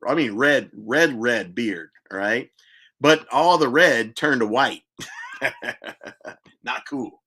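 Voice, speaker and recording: A man's voice: mid-range voice, slow pace, pauses often, bright, forceful tone, husky. An older man hosting a podcast, telling a long, chatty personal story and laughing at his own tales. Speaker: podcast host.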